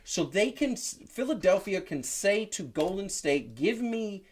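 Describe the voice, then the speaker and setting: Animated, emphatic sports talk host. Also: mid-range voice, unhurried, slightly rough.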